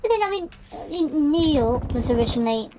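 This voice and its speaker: A woman with a fairly high voice chats on a live game stream, wandering between thoughts and interrupting herself. Loud game gunfire and clicks run underneath her talk. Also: animated, brisk, background noise. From United Kingdom. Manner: rambling, self-interrupting, chatty. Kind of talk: casual chat while gaming.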